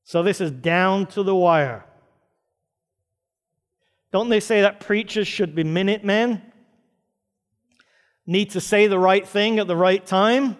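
A man's voice: sits high, slow pace, pauses often. A man preaching a sermon, retelling a story with dramatic, varied pacing. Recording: reverberant church hall.

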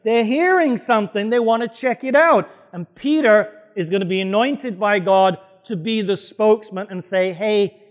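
Male pastor, emphatic sermon delivery, quizzes the congregation, fairly high voice. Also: moderate pace, hardly any pauses, big-room sound. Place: church hall before a congregation.

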